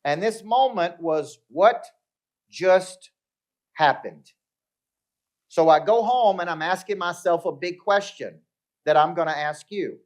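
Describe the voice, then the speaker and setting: A man's voice: sits high, takes it slowly, pauses often. Motivational speaker, middle-aged man, tells stories and acts out the dialogue, keeps checking in with the room. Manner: storytelling with acted-out dialogue and crowd check-ins. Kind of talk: live motivational talk. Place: live event before an audience.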